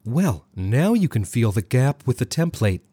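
A man's voice: mid-range voice, sing-song, unhurried, warm tone, husky, no room sound, clean studio sound. A reader voicing a firm, encouraging woman tutor who gives commands and coaches her students. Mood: coaching.

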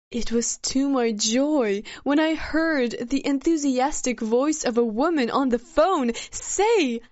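A woman narrates a story in an unhurried, measured voice that sits a little high. Her tone is softly earnest, and the recording sounds dry and somewhat dull. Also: dry recording. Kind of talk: scripted narration.

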